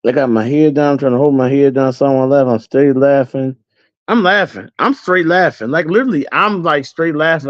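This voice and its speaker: Expressive and fairly quick, a mid-range-voiced man hosts his own channel and casually tells his livestream audience a story, laughing readily along the way. The recording is muffled with no echo.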